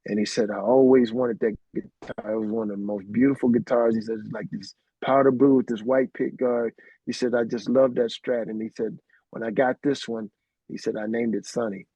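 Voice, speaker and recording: Gravelly, husky middle-aged man telling stories. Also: mid-range voice, brisk, dark tone, no echo. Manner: rambling anecdotes peppered with "man". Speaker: interview guest, keyboardist. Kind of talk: casual storytelling interview. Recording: dry, dull lo-fi sound.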